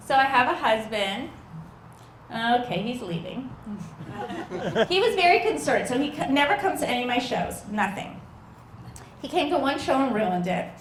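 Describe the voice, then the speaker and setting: A woman's voice: a little high, echoey room, noisy background. A woman doing stand-up comedy at a backyard show, telling stories and acting out the people in them with voice changes. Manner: animated, acts out quoted people with voice changes.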